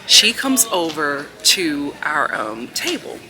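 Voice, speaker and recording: A woman vlogging outdoors on a city street, filming herself on her phone. She tells a story in a chatty, animated way and acts out what people said. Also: low voice, takes it slowly, background noise. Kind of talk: casual storytelling vlog. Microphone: phone camera held while filming herself.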